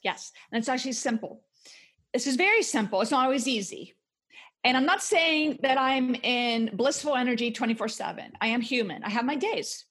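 A woman's voice: a little high, animated, moderate pace, a bit bright, breathy edge. A woman guest author talking passionately and emphatically in a podcast interview. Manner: passionate, emphatic motivational talk.

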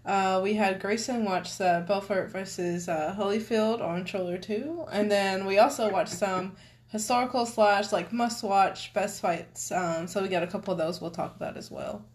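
A woman's voice: medium pitch, moderate pace. A woman hosting a podcast in a casual way, steering the talk with questions. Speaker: podcast host. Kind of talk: casual chat.

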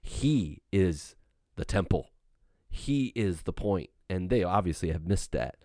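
Deep-voiced man, earnest and emphatic. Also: lively intonation, slow pace, dark tone, no echo, clean studio sound. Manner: earnest, emphatic, repeats phrases for effect. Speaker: podcast co-host. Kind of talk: casual Bible discussion.

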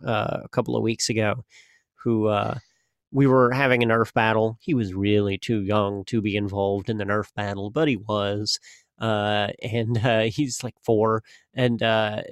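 A man's voice: lowish voice, dry recording, clean studio sound. A young man co-hosting a podcast, talking in a rambling, casual way with lots of fillers and restarts. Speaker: podcast co-host. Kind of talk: casual conversational chat.

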